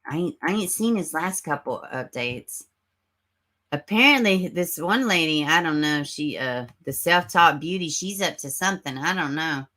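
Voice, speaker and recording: Lively bright-voiced woman livestreaming. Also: deep voice, normal speed. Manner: sarcastic, animated, swears and laughs often. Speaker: livestream host. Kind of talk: casual livestream chat reading comments. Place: home, close to a webcam. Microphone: camera mic.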